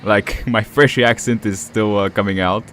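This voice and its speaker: Man, Eastern European accent, lowish voice, casual gameplay commentary, rambling with chuckles. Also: steady tone, normal speed, a bit bright. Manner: rambling, chatty, with frequent fillers and chuckles. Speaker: gaming streamer.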